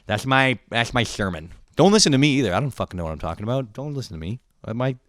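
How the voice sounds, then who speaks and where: A young podcast host rants through a comedic monologue, cursing heavily, irritable and poking fun at himself, with sudden loud outbursts that fall away to low mutters. He speaks rapid-fire with big pitch swings, and the recording is dry and studio quality.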